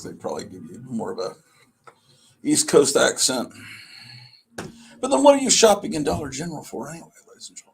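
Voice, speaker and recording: A man hosting a live stream, drifting from one small observation to the next with dry, self-mocking humor. His voice is heavily gravelly with a lot of vocal fry and a husky, breathy edge. He sounds like he is talking straight into a computer mic at home. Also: fairly high pitch. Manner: meandering, wry, self-deprecating. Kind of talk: casual rambling live stream chat. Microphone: computer microphone.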